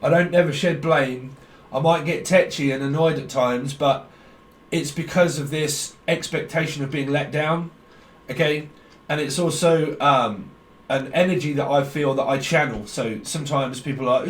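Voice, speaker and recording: A slightly high-pitched man gives a blunt, rambling tarot reading, swearing freely as his thoughts spill out in a stream of consciousness. He speaks at a measured pace with frequent pauses. The mic sits at a distance in an echoey room.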